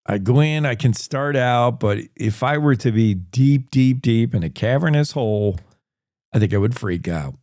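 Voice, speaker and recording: A man's voice: medium pitch, expressive, moderate pace, darkish tone, no echo, clean studio sound. A man hosting a news talk show, chatting casually and rambling with restarts as he thinks aloud. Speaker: show host.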